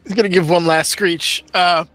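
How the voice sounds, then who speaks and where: A man at a tabletop game with a high, bright voice jokes and rambles with the others. He describes his character's moves casually. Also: steady tone, normal speed, no room sound, faint music behind, low-quality recording. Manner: joking, rambling banter. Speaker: player.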